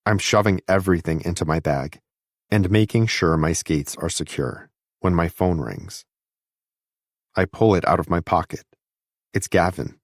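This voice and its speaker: A man narrating a first-person audiobook in a steady, intimate reading on a close studio mic. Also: low-pitched, unhurried, pauses often, no room sound.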